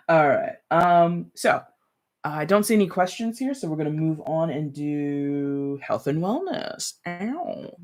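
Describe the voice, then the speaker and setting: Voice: medium pitch, expressive, unhurried. A tarot reader doing a casual live-stream reading, talking loosely and directly to viewers and peppering sentences with "like" and "you know". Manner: talks straight to viewers with light laughs.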